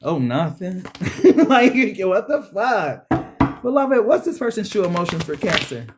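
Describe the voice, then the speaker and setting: Woman tarot reader, casual and animated, talks straight to viewers, slangy, mid-pitched. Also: a little slow, noisy background. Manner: animated, chatty, addresses viewers directly; frequent laughs and acted-out quotes. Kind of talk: casual tarot reading to camera.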